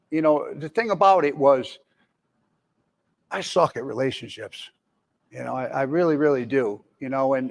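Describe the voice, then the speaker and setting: A man's voice: a little high, creaky. A man in his forties telling his own recovery story candidly, rambling with many fillers and restarts. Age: 40s. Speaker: speaker in recovery. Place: jail, indoors.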